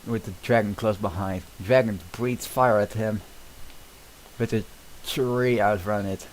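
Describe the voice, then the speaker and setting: Low-voiced man stumbling through a script. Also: steady tone, unhurried, a little hiss or hum, rough recording. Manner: stumbles and restarts often, casual asides. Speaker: streamer. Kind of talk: reading a film script aloud.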